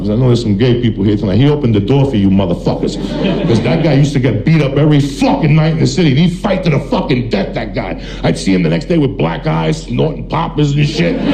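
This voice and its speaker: Gravelly-voiced man telling a profane stand-up story. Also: mid-range voice, noisy background. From New Jersey. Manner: profane, blunt, fast bursts with audience laughter. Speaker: stand-up comedian. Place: comedy stage before a live audience.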